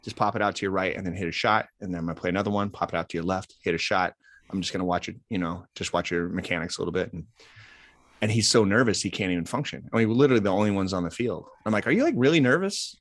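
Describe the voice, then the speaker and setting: Speaking at a racing clip in a low voice, this man, a life coach in his 40s, acts out dialogue with gusto while telling stories in a relaxed interview. The close podcast mic gives a dry, studio-quality sound.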